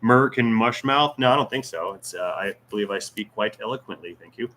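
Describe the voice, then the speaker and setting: A man's voice: fairly low pitch, a little fast, bright, forceful tone, slight background noise. A man hosting a casual livestream Q&A, reading viewer comments aloud with jokes, teasing and rambling asides. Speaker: YouTube channel host.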